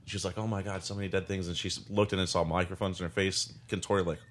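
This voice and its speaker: A man's voice: low-pitched, flat delivery, fast talker, a little hiss or hum. A man co-hosting a podcast, given to crude joking banter. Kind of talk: casual podcast chat.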